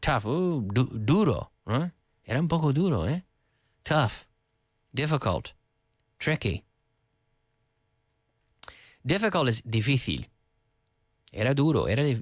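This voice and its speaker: A man's voice: mid-range voice, no echo, clean studio sound. A man teaching a live online English lesson, explaining with repeated example sentences, glossing words in Spanish and answering viewer comments.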